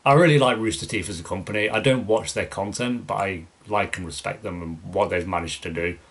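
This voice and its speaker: A man's voice: low-pitched, brisk. A young man, hosting a casual Q&A for his reaction channel, answering viewer questions in a loose, rambling way with many fillers and restarts. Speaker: YouTube reaction channel host.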